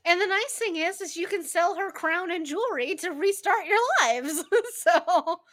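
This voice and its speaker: A woman's voice: extremely high pitch, unhurried, fairly bright tone. A woman co-hosting a casual movie reaction chat, laughing often and quoting lines in playful voices. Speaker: podcast co-host.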